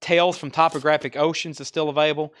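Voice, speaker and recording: A man's voice: fairly high pitch, level tone, quick pace, fairly bright tone, clear, resonant tone. Chatty Southern US man selling records. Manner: rattles off album titles and prices, chatty asides. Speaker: host of a live online record sale. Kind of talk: casual live-stream sales patter.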